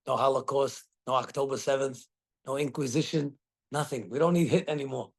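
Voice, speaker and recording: A middle-aged man, a rabbi, giving a Torah class and telling the story with animated acted quotes. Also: medium pitch, fairly quick, husky.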